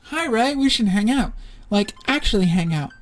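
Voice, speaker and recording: A woman's voice: a little high, expressive, moderate pace, soft background music, close to an everyday voice. A woman reading a game message aloud as a cheerful, flirty man, in an eager sing-song manner.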